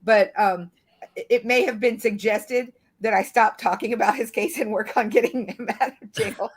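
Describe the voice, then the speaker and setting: A woman's voice: on the high side, normal speed, husky. A woman who works as a defense attorney, talking casually on a podcast, hesitant, with many fillers and restarts.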